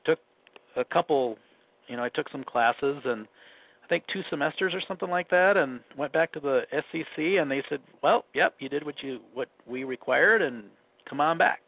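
A man's voice: fairly high pitch, normal speed, creaky. A man with a faint Minnesotan accent, casually telling his life story in a rambling, self-correcting way. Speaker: guest recalling his life. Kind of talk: casual conversation. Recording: phone-like narrow band.

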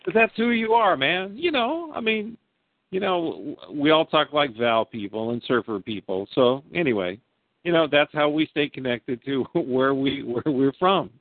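A man's voice: a little high, expressive, moderate pace. A man in his forties interviewing an old friend in a chummy, joking way, with casual slang. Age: 40s. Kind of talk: casual conversation. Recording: dry phone-like narrow band.

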